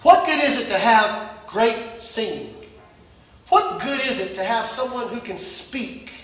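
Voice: medium pitch, animated, measured pace, distant mic. Emphatic preacher in an echoey church. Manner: emphatic, builds to shouting, repeats phrases. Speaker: pastor. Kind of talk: sermon. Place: church service.

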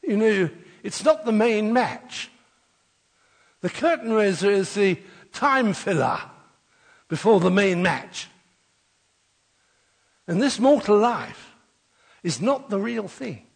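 A man's voice: high voice, very animated, slow, gravelly, pauses often, breathy edge, in a large hall. An older man preaching an Easter sermon, rousing and leading the congregation in call-and-response.

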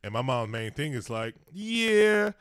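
A man co-hosting a laid-back podcast chat, loose and slangy, with a habit of laughing between stories. His voice sits at an ordinary pitch, and the room is dead and close-miked. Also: normal speed, a bit bright, clean tone, dry recording. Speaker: podcast co-host. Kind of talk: casual chat.

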